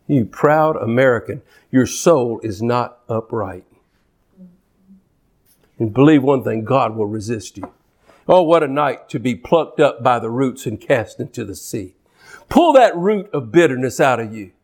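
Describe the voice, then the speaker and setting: A man's voice: medium pitch, expressive, a little slow, a little mellow. A man preaching a sermon with passion, repeating and restarting his phrases and acting out the speech he quotes.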